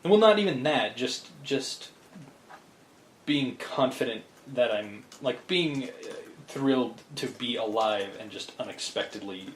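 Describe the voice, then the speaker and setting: A man's voice: medium pitch, expressive, measured pace, slight background noise. A man co-hosting a podcast, chatting casually and rambling with enthusiasm, often restarting his thoughts. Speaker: podcast co-host. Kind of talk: casual chat. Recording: echoey room with faint ambience.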